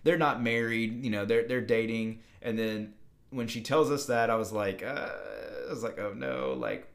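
A young adult man co-hosting a podcast casually tells a long story, rambling with many fillers and restarts. His voice is medium-pitched and moves at a moderate pace.

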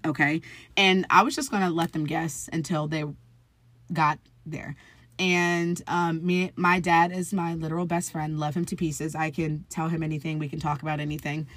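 Low-voiced young woman telling a story. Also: little pitch movement, moderate pace, a bit bright, no echo. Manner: chatty, filler-heavy, acts out quoted voices. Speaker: guest. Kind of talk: casual conversational storytelling.

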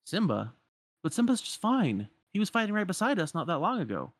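A man's voice: sits high, wildly swooping pitch, brisk, no room sound, studio quality, pitched above the performer's own voice, exaggerated voice. A man doing an eager young boy hero.

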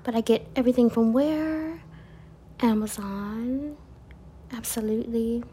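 A woman with a fairly high, dark-toned voice reads affirmation cards deliberately and slowly, with a little hiss or hum on the recording. She's laid-back and chatty, laughing a lot and adding slangy comments.

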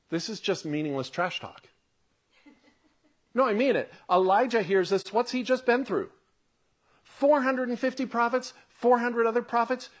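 Earnest preacher, a man with a higher voice. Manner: earnest, drops to a hush for emphasis, then swells with excitement. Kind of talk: conversational sermon with scripture reading.

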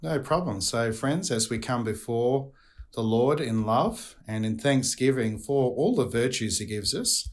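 An earnest Australian priest talks to his listeners as friends, in a mid-pitched man's voice. He moves between relaxed chat and a steady, prayerful tone. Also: unhurried. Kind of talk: podcast guest chat and closing prayer.

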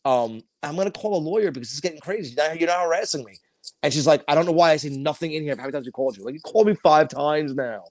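A man's voice: fairly high pitch, fast talker, darkish tone, no room sound. A man, co-hosting a podcast and telling rambling, profane stories in casual chat. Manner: rambling storytelling with heavy swearing. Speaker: podcast co-host.

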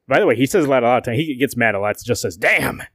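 A man's voice: mid-range voice, rapid-fire, a crowd in the background. A man co-hosting a casual comic book podcast, swearing and acting out lines from the comics. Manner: animated, swears a lot, acts out quotes. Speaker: podcast co-host.

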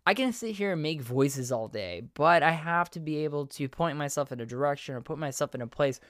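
A man's voice: on the high side, lively intonation, brisk, dry recording, studio quality. A man hosting his own podcast, talking earnestly and rambling as he corrects himself mid-sentence. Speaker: podcast host and voiceover artist. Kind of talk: casual solo podcast monologue.

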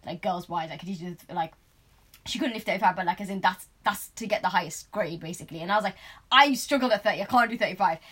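A woman chatting casually, telling stories animatedly with lots of laughter and loud bursts. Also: mid-range voice, fast, husky. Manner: animated storytelling, laughs a lot, gets loud when excited. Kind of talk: casual chat.

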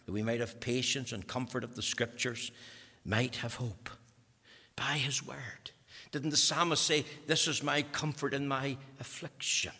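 Animated Northern Irish preacher, echoey hall. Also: male voice, medium pitch. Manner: animated, swinging between loud emphasis and near-whispers. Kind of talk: sermon. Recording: echoey hall with long reverb.

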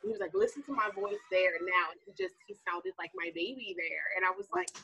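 Woman, mom, casual chat, animated, laughing, husky, bright. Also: lowish voice, quick pace, poor audio. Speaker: mother.

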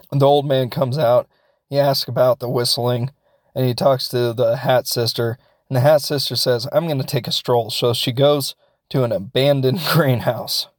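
A man's voice: mid-range voice, dry recording, studio quality. A man casually recapping a film as a reviewer, rambling and joking and acting out the characters. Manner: rambling, jokey, acts out characters.

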